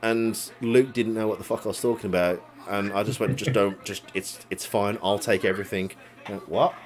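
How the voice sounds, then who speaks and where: Over soft background music, a young man tells the story of a grudge in casual conversation, his fairly low voice brisk and fairly even in intonation. He curses heavily and laughs throughout.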